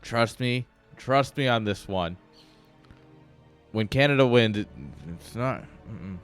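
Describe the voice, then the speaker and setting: A man's voice: mid-range voice, slow, clean tone, faint music behind. A man casting a game stream, chatting casually and teasing with lots of laughs. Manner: joking, teasing, laughs often. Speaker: esports caster.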